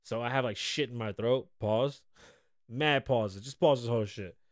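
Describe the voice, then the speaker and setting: A man's voice: medium pitch, normal speed, no echo. A man hosting a podcast in casual chat, loose and profane, rambling through stories, his voice strained from a pulled vocal cord and a sinus infection. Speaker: podcast host.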